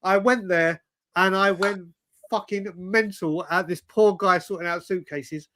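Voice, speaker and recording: A man's voice: high-pitched, steady tone, unhurried, pushed and bright. A man, telling stories animatedly on a casual live stream, swearing and saying "mate" constantly. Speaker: co-host.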